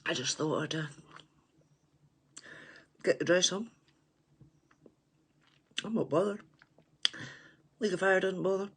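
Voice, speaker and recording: A woman's voice: on the low side, slow pace, pauses often, a bit bright, breathy edge. An older woman with a Scottish accent chatting casually to livestream viewers, chatty and self-mocking with frequent laughs, and a runny nose. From Scotland. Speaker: livestream host.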